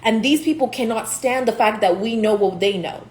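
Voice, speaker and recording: A woman's voice: fairly high pitch, moderate pace, a little mellow. A young woman from Nigeria giving a casual spiritual monologue as a tarot reader, blunt and profane, laughing often. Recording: echoey room, faint hiss.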